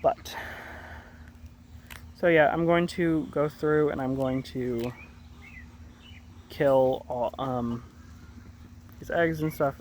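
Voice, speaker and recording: A man's voice: medium pitch, steady tone, slow pace, long pauses, darkish tone. A man giving a casual, rambling garden tour vlog, often correcting himself mid-sentence. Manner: rambling, self-correcting, chatty. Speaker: gardening vlogger. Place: outdoor garden. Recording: outdoor noise, sometimes far from mic. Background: birds and rural outdoor ambience.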